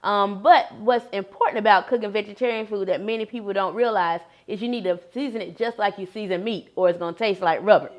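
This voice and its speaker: A woman demonstrating a vegetarian recipe, explaining each step in a steady, practical way. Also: medium pitch, fast, hardly any pauses. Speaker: cooking demonstrator. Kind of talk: cooking demonstration.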